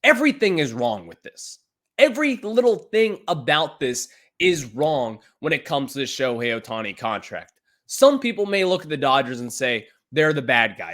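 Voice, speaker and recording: A man's voice: medium pitch, sing-song, normal speed, a bit bright. A man hosting a sports podcast, ranting emphatically about a baseball contract. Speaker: podcast host.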